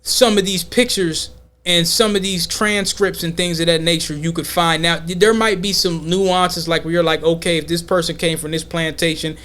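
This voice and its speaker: A man hosting a podcast, talking in an emphatic, slangy, animated way during a casual debate. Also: fairly high pitch, normal speed, a little hiss or hum. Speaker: podcast host.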